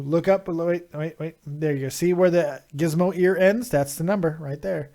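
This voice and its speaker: A man hosting a live call-in stream, talking casually, joking and swearing loudly. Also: a little high, moderate pace, vocal fry, few pauses. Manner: loud, profane, joking, drifts into mock singing. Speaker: livestream host.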